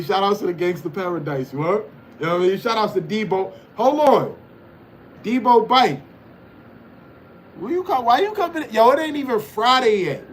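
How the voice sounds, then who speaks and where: High-voiced man teasing a livestream chat. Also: slight background noise. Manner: loose, teasing banter with frequent "you know what I'm saying". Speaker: livestream host reading chat.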